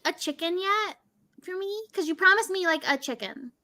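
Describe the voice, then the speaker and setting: Bubbly high-voiced woman, rambling. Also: lively intonation, a little fast, pushed and bright. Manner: bubbly, rambling with many fillers. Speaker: player. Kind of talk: playing a tabletop role-playing game in character.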